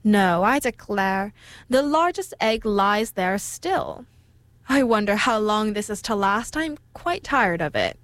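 A woman voicing a fretful, proud mother duck in a storybook reading, with a fussy, lively manner. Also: mid-range voice, takes it slowly, dry recording.

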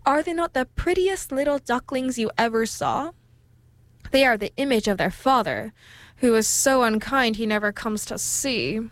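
A woman's voice: fairly high pitch, animated, normal speed, dry recording, close to an everyday voice. A woman voicing a fussy, proud mother duck. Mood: fretful.

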